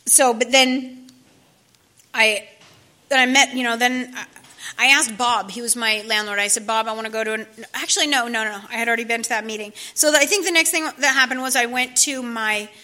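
A woman's voice: a little high, a little fast, pushed and bright. A woman telling her personal recovery story to a group, conversational, with many fillers and restarts. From California. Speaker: speaker sharing recovery story.

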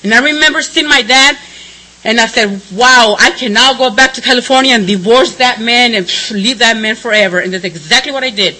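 Bright, high-voiced woman telling her story. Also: a little fast, rough recording. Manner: candid and blunt, swinging between somber and laughing. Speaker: speaker sharing her recovery story. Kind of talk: personal testimony at a recovery meeting.

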